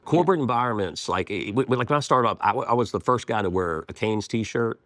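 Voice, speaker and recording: A man with a deep, low voice speaks quickly and with conviction, doubling back on phrases to hammer home each point. The sound is close and dry, with no room echo. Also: animated, a bit bright. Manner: emphatic, repeats phrases, says "man". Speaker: guest, restaurant founder. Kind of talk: casual conversational interview.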